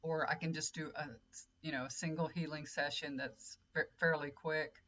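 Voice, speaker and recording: Deep and a bit bright, with little pitch movement and a moderate pace, this middle-aged tarot reader and healer chats in a rambling way directly to her viewers. A faint hum runs under the dull, lo-fi recording.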